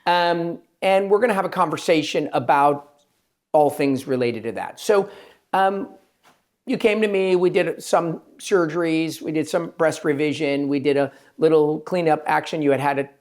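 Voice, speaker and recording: A man, a plastic surgeon hosting a podcast, talking in an emphatic, rambling way and quoting his patients in quick asides. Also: a little high. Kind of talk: casual interview chat.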